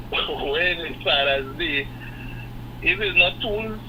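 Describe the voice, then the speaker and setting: A man calling in to a radio show, giving his opinion in an animated way with laughing asides. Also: fairly high pitch, takes it slowly, heavy background noise. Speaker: caller. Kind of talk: phone-in comment.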